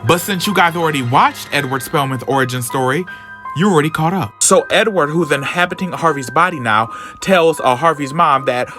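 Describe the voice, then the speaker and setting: A man's voice: on the high side, fairly quick, over music. Campy, sassy man telling a story. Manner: campy, sassy asides, swearing. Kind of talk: casual comic book story summary.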